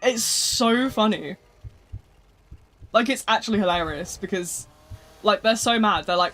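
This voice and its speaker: Young woman streaming, chatty and sweary, laughs a lot, mid pitch. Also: expressive, normal speed, a bit bright, soft background music. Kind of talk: casual live-stream chat.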